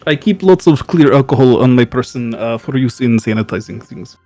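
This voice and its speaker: A man voicing an eccentric male healer who trusts science, speaking in a put-on Russian accent and pausing to hunt for words. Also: medium pitch, lively intonation, warm tone, no echo, faint music behind, lightly acted. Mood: earnest, pedantic. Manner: halting, searching for words.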